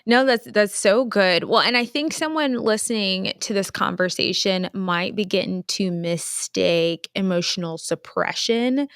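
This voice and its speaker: A woman hosting a podcast, asking measured, attentive questions. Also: medium pitch, fairly bright tone, clear, resonant tone, dry recording, studio quality. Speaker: podcast host. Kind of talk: podcast interview.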